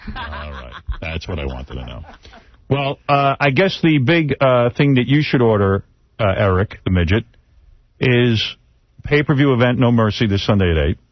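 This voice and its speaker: A man's voice: medium pitch, very animated, normal speed, dull audio. A man hosting a radio talk show, brash and teasing as he needles a caller. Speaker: radio host.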